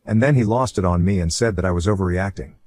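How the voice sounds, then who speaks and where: A man's voice: low-pitched, fast talker, darkish tone. A man reading a first-person online story aloud in a casual, conversational way. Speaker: story narrator.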